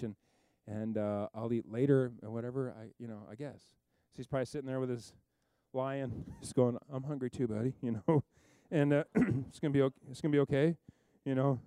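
A man preaching a sermon, telling a story with lively asides and acting out the people in it. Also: medium pitch, clean tone, no echo. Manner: animated storytelling, acts out characters, rambling asides. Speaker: pastor.

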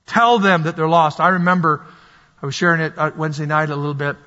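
A man's voice: fairly high pitch, normal speed, a bit bright. A man preaching a sermon with passion, repeating his points and acting out the voices of the people he describes. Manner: impassioned, repetitive preaching, acts out quoted voices. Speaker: pastor. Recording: dull lo-fi sound with long hall reverb.

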